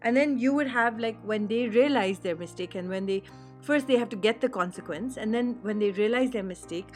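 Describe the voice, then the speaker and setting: A woman's voice: a little high, brisk, faint music behind. Earnest woman reflecting on a film. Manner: earnest and reflective, warmly enthusiastic. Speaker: film reviewer. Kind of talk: casual spoken film review.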